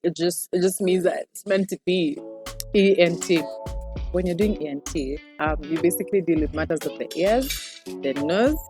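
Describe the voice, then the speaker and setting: Music plays under this casual interview with a young woman who has just qualified as a doctor. She speaks at normal speed in a fairly low voice with a Kenyan accent, chatting animatedly and dropping Swahili phrases into her English.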